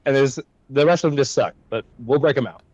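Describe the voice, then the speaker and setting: A man's voice: mid-range voice, quick pace, darkish tone, dry recording, highs cut off. A man playing on a tabletop game stream, with teasing, dry banter. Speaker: player. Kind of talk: casual stream chat.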